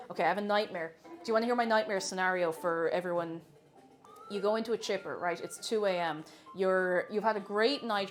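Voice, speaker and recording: A young Irish woman streaming herself cooking, chatting casually and playfully with viewers, joking at her own expense and laughing often. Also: medium pitch. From Ireland.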